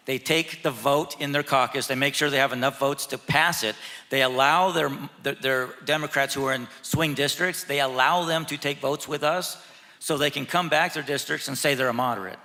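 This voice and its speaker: A man on a church panel, a state representative, talking candidly and haltingly with frequent restarts. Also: mid-range voice, pushed and bright. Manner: halting, many restarts, earnest. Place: large church hall, live audience. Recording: long hall reverb.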